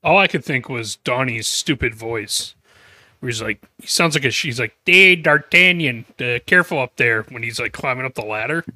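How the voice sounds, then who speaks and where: A man's voice: mid-range voice, moderate pace, bright, forceful tone, no echo. A man co-hosting a podcast who makes wry, sarcastic complaints about an episode's silly moments. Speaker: podcast co-host. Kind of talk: casual episode recap.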